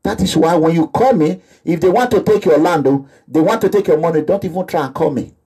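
A man with a Nigerian accent, an activist vlogger, gives an impassioned, repetitive monologue that slips into pidgin phrases. His slightly high voice is brisk, warm, and a bit rough in this animated delivery.

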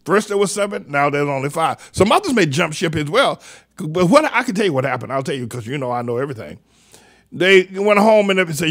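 An older man with a somewhat high voice rambles through sardonic political commentary. He trails off into asides, restarts his sentences and mocks as he goes. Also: expressive, fairly quick. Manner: mocking, sardonic. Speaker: radio show host.

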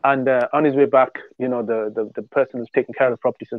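A man's voice: medium pitch, fairly even intonation, fast, no room sound. A man on a podcast, telling a religious story in a rambling, casual way with many restarts. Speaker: podcast co-host. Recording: tinny phone-like dry sound.

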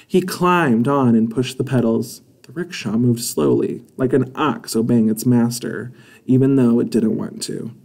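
Man, storybook reading, expressive, measured. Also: mid-range voice, creaky. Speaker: storybook reader. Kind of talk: reading a children's chapter book aloud.

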